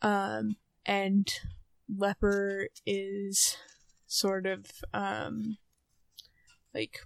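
A woman's voice: medium pitch, monotone, drawn-out words, creaky, dry recording. A young woman co-hosting a podcast, summarizing a novel in a casual, rambling way with many fillers. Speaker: podcast co-host. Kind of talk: casual book discussion.

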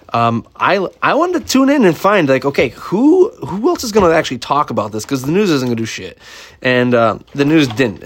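A man with a mid-range voice talks casually to the camera as a parent, blunt and opinionated. He curses freely and stumbles through restarts and fillers. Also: mid-range voice. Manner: blunt, swears freely, fillers and restarts, reads dialogue aloud with excitement. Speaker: parent reviewing a children's book. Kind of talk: casual opinionated vlog talk.

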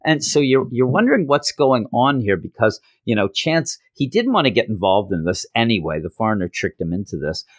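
A man hosting a podcast, giving a casual, animated comic book recap and slipping into character voices. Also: mid-range voice, brisk, hardly any pauses, dry recording, studio quality. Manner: animated storytelling, jumps into voices. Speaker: podcast host.

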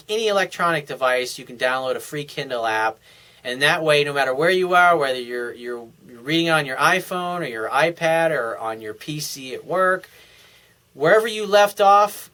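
A man's voice: fairly high pitch, sharp tone, low-quality recording. A man giving blunt, profane relationship advice in a solo talk, acting out sample lines for the listener. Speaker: relationship coach.

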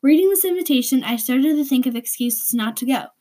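Woman, story reading, first person, hesitant, inward, fairly high voice. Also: animated, fairly quick, mellow.

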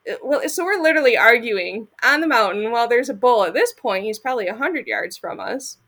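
A woman's voice: a little high, big pitch swings, a little fast, fairly bright tone. A woman from Michigan, a podcast guest, telling a story in a casual, blunt and profane way, acting out what people said. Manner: blunt and profane, acts out quoted lines.

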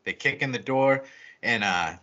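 A man's voice: medium pitch, measured pace. A man co-hosting a podcast, recapping a movie in casual, profane chat and acting out the quotes. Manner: animated storytelling with acted-out quotes. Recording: dull lo-fi recording.

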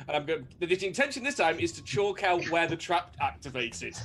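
A man's voice: fairly high pitch, very animated, fairly quick, a bit bright. A man player in a tabletop game, laughing and explaining his plans. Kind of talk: tabletop game role-play.

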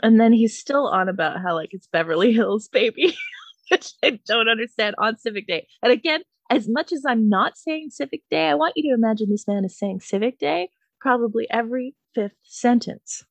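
A woman's voice: fairly high pitch, normal speed, creaky, no room sound. A woman hosting a podcast, telling a neighbor story in casual chat, laughing often, swearing freely and acting out what people said. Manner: animated, laughing, swears freely, acts out quotes. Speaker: podcast host.

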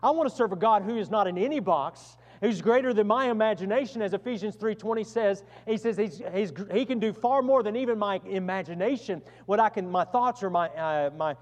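A man preaching a sermon as pastor, earnest, swinging from loud emphasis to hushed tones. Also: high-pitched, a little fast, hardly any pauses, in a large hall, dull audio.

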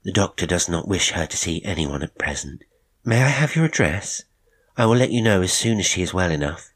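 A man voicing a young woman captor who speaks in quiet, gentle, controlled tones. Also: low voice, very animated, a little fast, breathy edge, exaggerated voice. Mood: cold gentle.

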